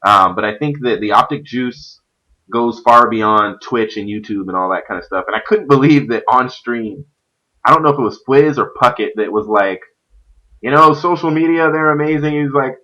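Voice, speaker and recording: A youth pastor hosting a stream talks about competitive gaming in a casual, animated ramble stuffed with fillers. The rough recording carries his mid-range voice at a moderate pace.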